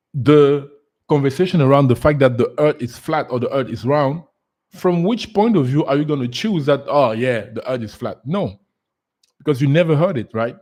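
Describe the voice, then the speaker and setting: A man's voice: on the high side, a little mellow. A man talking as a spiritual life coach on a casual solo livestream, earnest, repeating words for emphasis, with fillers. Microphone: solo live stream setup.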